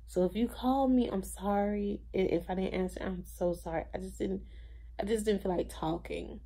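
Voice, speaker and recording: At a moderate pace and in a mellow, mid-range voice, a drained young woman rambles through her home video diary. Fillers pile up as she tells her story with little energy.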